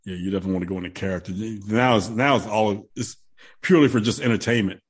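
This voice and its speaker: A man's voice: fairly low pitch, fairly even intonation, fast, husky. A man chatting casually on a podcast, laughing often and acting out the people he quotes. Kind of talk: casual chat.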